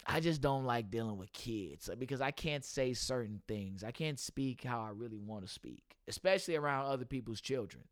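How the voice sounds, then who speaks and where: A man's voice: medium pitch, lively intonation, a little fast, few pauses, dry recording, clean studio sound. A young man hosting a casual podcast, talking loosely and profanely about his work as a substitute teacher and laughing often.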